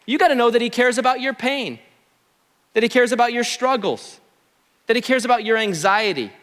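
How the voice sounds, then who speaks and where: A man's voice: extremely high pitch, fairly quick, fairly bright tone, long reverb tail. A man preaching a sermon as pastor, conversational, with asides to the congregation, in a church sanctuary.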